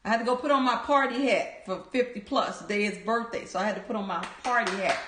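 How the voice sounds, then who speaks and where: A woman's voice: a little high, fast, a bit bright. A woman hosting a livestream, cheerfully greeting viewers by name and reading their chat comments aloud. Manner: upbeat, cheering. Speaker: livestream host. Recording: echoey room.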